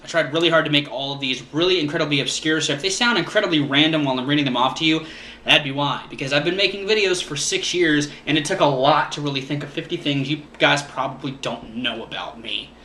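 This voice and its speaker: A man's voice: on the high side, fast talker, sharp tone, echoey room, a little hiss or hum. A young man from Florida chatting to camera as a YouTuber, earnest and rambling with fillers, his cheek swollen after a tooth was pulled. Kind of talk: casual talk to camera.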